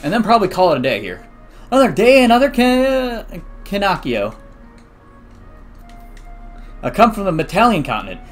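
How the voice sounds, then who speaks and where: Young male let's play host; chatty, animated, reads dialogue aloud over faint game music. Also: sits high, normal speed, long pauses. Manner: chatty, animated, excitable reactions. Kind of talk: casual game commentary, reading dialogue aloud.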